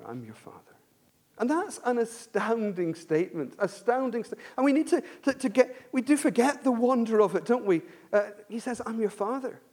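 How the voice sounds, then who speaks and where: With an extremely high-pitched voice, a man preaches a sermon that alternates between hushed questions and loud, emphatic bursts. He restarts frequently while telling stories.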